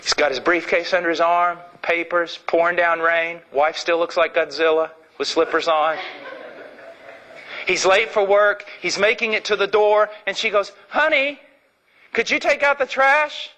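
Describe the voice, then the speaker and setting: A male preacher delivers a sermon with impassioned emphasis. His voice sits high, and his tone is bright and forceful. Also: flat delivery, normal speed, rough recording.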